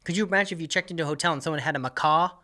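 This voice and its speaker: A man's voice: a little high, racing, pushed and bright. A man hosting his own comedy podcast, delivering an exasperated, profane rant as a monologue.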